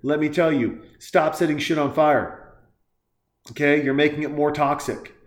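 A man's voice: a little high, fairly even intonation, normal speed. A man hosting a podcast, delivering a crude, heated and sarcastic rant as casual commentary. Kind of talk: profane ranting commentary. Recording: echoey room.

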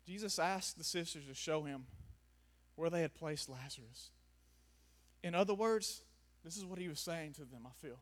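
A man with a high voice delivers an impassioned sermon to a gathered audience. He drops to quiet, reflective lines, then climbs to raised, almost shouted pleading. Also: normal speed. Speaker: preacher. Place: before a gathered audience in a room.

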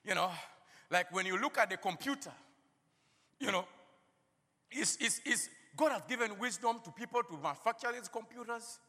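A man preaching a sermon, saying "you know" often, laughing between phrases and rising to shouted calls at his peaks. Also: sits high, lively intonation, normal speed, long pauses. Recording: long hall reverb.

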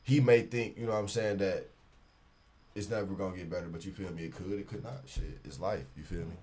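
A man's voice: deep voice, a little fast, darkish tone. A young man, a show creator, talking casually as a podcast guest, laid-back and filling his speech with "you feel me".

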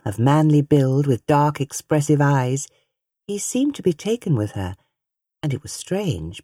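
A woman reading a novel aloud, measured and expressive. Her tune moves with plenty of life. The studio sound is close and dry. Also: low-pitched, slightly rough, dry recording. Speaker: audiobook narrator. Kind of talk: scripted narration of a novel.

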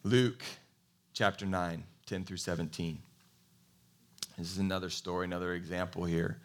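Animated man preaching a sermon. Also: low-pitched, normal speed. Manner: animated storytelling, acts out quoted voices; conversational, asks the congregation questions. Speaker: pastor.

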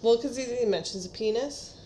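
A woman's voice: a little high, a little fast, mellow, slight background noise. A woman co-hosting a casual book discussion, thinking aloud with small hesitations. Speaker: podcast co-host.

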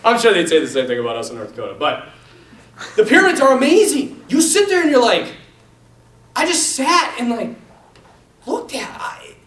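A man's voice: very high-pitched, moderate pace, pauses often. A man who is a Catholic priest, talking casually to a group and telling a story with lots of laughter and acted-out quotes. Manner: animated, laughs often, acts out quotes. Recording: roomy hall, distant mic.

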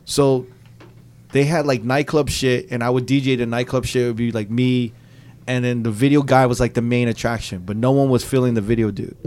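A man and DJ telling a story in casual podcast chat, profane and animated, slipping into quoted voices. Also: mid-range voice, a little fast.

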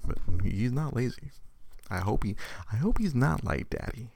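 A man's voice: medium pitch, very animated, moderate pace, creaky, a little mellow, no echo. A man in his thirties, a father chatting casually at home on a live stream, rambling and stammering with frequent laughs.

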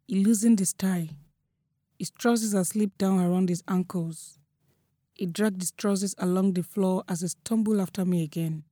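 A young woman with a Nigerian accent telling a first-person story in a steady, matter-of-fact way. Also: mid-range voice, no echo, clean studio sound. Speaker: narrator.

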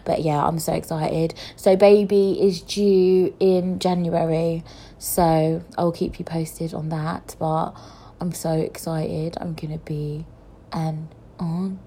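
A young woman chatting casually to camera as a vlogger, excitable and quick to laugh and swear. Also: sits low. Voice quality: visually impaired speaker.

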